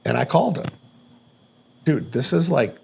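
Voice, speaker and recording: A man's voice: medium pitch, expressive, moderate pace, vocal fry, a little mellow, slightly rough. A man telling a personal story as a podcast guest, rambling and casual, peppering his talk with fillers and swearing. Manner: rambling, profane, many "like" fillers.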